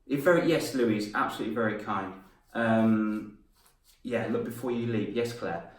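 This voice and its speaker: A man's voice: lowish voice, normal speed, far from the mic. A man, an upbeat confidence coach teaching a live online lesson to children and praising them by name. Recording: echoey room, voice from off-mic.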